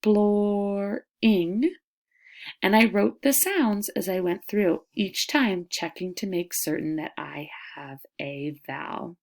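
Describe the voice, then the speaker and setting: A woman teaching a lesson to young children, stretching words out slowly and sounding them out in an encouraging classroom voice. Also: fairly low pitch, vocal fry. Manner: slow, drawn-out syllables, modeling sounds out loud.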